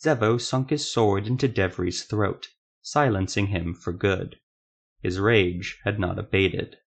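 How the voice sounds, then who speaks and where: A man narrating a fantasy story in a steady, measured storytelling manner. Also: fairly low pitch, creaky.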